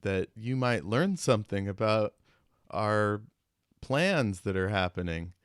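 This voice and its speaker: A man voicing an anxious, guilty middle-aged wife who frets out loud. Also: on the low side, expressive, takes it slowly, clean tone, no room sound, clean studio sound. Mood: fretful. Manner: fretful, worried.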